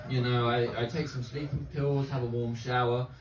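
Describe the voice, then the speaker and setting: Deadpan young comedian on stage. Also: male voice, medium pitch, moderate pace. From England. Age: young adult. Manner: deadpan, dark one-liners. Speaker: stand-up comedian. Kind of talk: stand-up set. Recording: roomy, distant, noisy club recording. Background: audience laughter.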